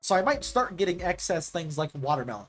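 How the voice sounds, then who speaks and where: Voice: mid-range voice, a little fast, a little hiss or hum. A gaming streamer chatting casually and telling stories in a rambling way, with lots of "like" fillers. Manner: rambling, animated storytelling with filler "like".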